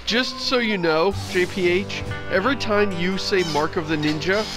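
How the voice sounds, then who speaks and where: A man's voice: high voice, normal speed, a bit bright, faint music behind. A man chatting casually on a gaming stream, teasing playfully. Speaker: stream co-host. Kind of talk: casual chat while gaming.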